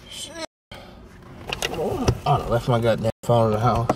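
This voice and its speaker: A young man co-hosting a prank vlog, talking loudly, cursing and complaining. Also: medium pitch, big pitch swings, unhurried, pauses often. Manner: loud, profane, complaining. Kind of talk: casual prank reactions. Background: loud background music.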